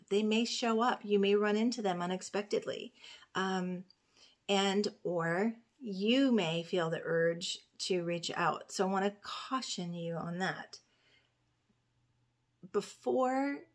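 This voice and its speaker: Earnest woman astrologer speaking slowly. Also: medium pitch. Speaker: astrologer and coach. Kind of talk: intuitive guidance talk to camera.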